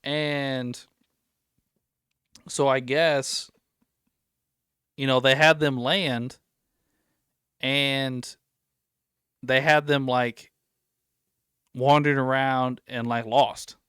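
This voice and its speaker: A man's voice: medium pitch, steady tone, drawn-out words, long pauses, fairly bright tone, clear, resonant tone, no room sound, clean studio sound. A man hosting a casual podcast, telling stories at length and acting out what people said. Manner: rambling storyteller, acts out quotes. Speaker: podcast host.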